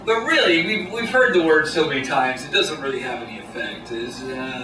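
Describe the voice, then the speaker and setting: A man doing a stand-up comedy set on a small club stage, with a deadpan, halting delivery full of pauses. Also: mid-range voice. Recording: echoey room, distant mic, noisy. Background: audience laughter.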